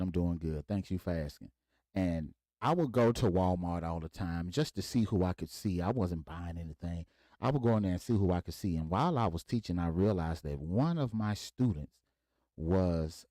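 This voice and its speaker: Lively low-voiced man telling stories. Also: dry recording. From Mississippi, USA. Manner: animated, acts out voices in quoted dialogue. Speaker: podcast host. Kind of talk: casual storytelling.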